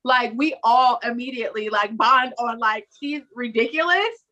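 Podcast co-host, woman, thirties, high bright voice, animated and playful storyteller. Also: normal speed, lo-fi sound. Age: 30s. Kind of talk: casual conversational chat.

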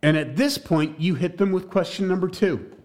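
A man's voice: high-pitched, normal speed, darkish tone. A man teaching a church class on evangelism, jokey and emphatic, talking straight to his listeners.

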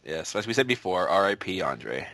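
A man's voice: low voice, normal speed. A man co-hosting a podcast, telling movie moments in casual chat and laughing often. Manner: laughs often, animated storytelling. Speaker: podcast co-host.

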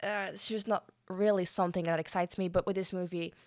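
A woman's voice: lowish voice, steady tone, a little fast, a little mellow, no room sound, clean studio sound. A young woman casually reviewing a film on her solo podcast, rambling and chatty with lots of fillers and frequent apologies.

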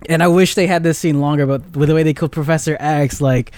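A young man with a fairly high voice chats excitedly on a podcast. He laughs a lot, leans on "like" and slang, and replays movie moments with gusto. The mic is close and dry, with no room sound. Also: quick pace, no room sound. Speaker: podcast co-host. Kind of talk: casual chat.

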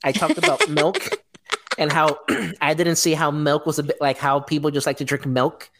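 A woman with a notably low voice holds forth on a casual podcast. She rants bluntly, cursing freely and mocking what annoys her. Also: moderate pace, noisy background. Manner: blunt, profane ranting. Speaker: podcast co-host. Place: Florida.

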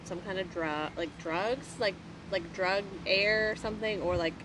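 A woman's voice: medium pitch, normal speed. Woman in her 30s teasing her husband, lots of likes and ums, outdoor noise and cars. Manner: teasing, rambling with many fillers. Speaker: vlogger, wife. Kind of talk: casual outdoor chat. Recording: noisy outdoor recording, traffic nearby.

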